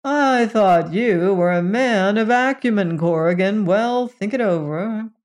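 An audiobook reader voicing a smooth-talking male grifter who wheedles and pushes his case persuasively. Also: medium pitch, measured pace, lightly acted. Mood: wheedling.

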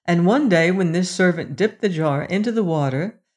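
A storyteller giving a measured, scripted reading of a fairy tale. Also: mid-range voice, lively intonation.

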